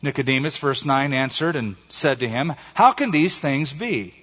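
A male pastor preaching a sermon with emphatic delivery, slowing down to stress key phrases. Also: mid-range voice, expressive, a bit bright, husky. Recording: muffled recording in a reverberant hall.

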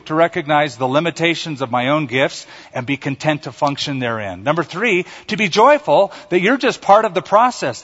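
A man preaching a sermon as pastor, acting out quoted voices and leading the congregation in repeating lines. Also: fairly high pitch. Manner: animated preaching, acts out quotes and calls for congregation response. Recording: dull sound with long hall reverb.

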